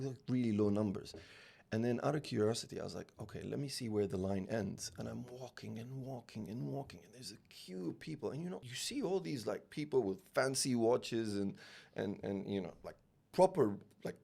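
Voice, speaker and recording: A gravelly, lowish-voiced man in his forties, raised in the UAE and founder of a real estate company, is a podcast guest in a storytelling interview. He tells animated anecdotes, acts out the dialogue, and keeps restarting his sentences.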